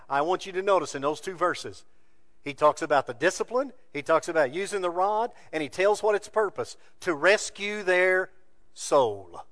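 A man preaching a sermon from scripture, building to loud emphatic peaks and dropping to quiet asides. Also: fairly high pitch, dry recording. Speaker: pastor.

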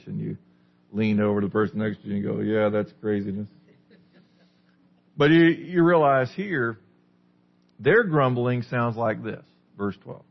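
A man's voice: fairly low pitch, vocal fry, muffled recording. A man preaching a sermon as a pastor, teaching a small group with questions in a conversational way. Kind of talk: sermon, Bible study.

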